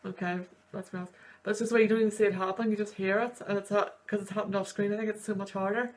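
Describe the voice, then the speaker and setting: A twenty-something student who hosts videos talks fast in a mid-range voice with fairly even intonation. She rambles emotionally through her reactions to sad film scenes, gushing and getting sniffly.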